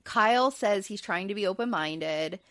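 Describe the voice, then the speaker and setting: A woman's voice: medium pitch, expressive, normal speed, a bit bright, no room sound. A woman hosting a podcast and recapping a reality show in casual, chatty talk, with plenty of fillers and light laughs. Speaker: podcast host.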